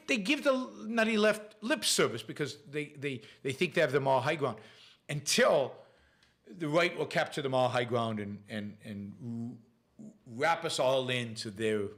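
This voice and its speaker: This man speaks at a measured pace with lively intonation and a somewhat bright, mid-range voice, and his accent is noticeable. In a casual live Q&A, he reads questions sent by viewers and answers with many fillers and restarts.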